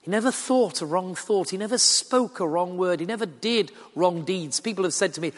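Yorkshire preacher in a reverberant hall. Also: male voice, high voice, normal speed, hardly any pauses. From Yorkshire, England. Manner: earnest, conversational preaching with wry asides. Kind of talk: sermon. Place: church or large hall. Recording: long reverb of a large hall.

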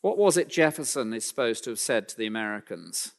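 Man, preacher, sermon, emphatic, dry asides, mid-pitched voice, long hall reverb. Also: lively intonation, a little fast, vocal fry. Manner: emphatic, builds in pitch and volume then drops low and quiet; dry self-deprecating asides.

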